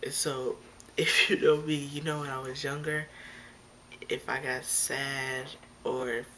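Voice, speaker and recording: A woman's voice: extremely low pitch, little pitch movement, a little slow, fairly bright tone, slight background noise. A young woman vlogger telling a story to her camera in a chatty way, full of "like" and acted-out lines. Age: young adult. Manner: chatty, fillers like "like", acts out her own lines. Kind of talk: storytime vlog. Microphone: phone or camera close by.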